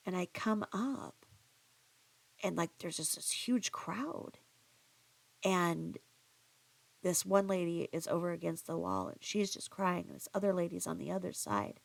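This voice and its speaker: A woman's voice: on the low side, very animated, unhurried, creaky, pauses often. A woman vlogger telling a story in a chatty, rambling way, full of asides and restarts. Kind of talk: casual storytelling monologue.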